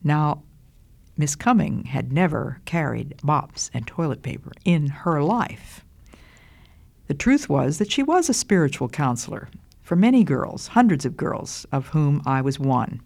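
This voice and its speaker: An older woman giving a Christian devotional talk in a slow, deliberate, earnest way. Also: low voice, sing-song, vocal fry, a little mellow. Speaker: Christian speaker.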